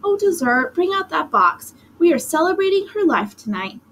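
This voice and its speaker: A woman's voice: very high-pitched, very animated, normal speed, fairly bright tone, slight background noise, voice pushed up, exaggerated voice. A woman reading aloud, voicing an affectionate young mother in a sweet, lilting tone. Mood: coaxing.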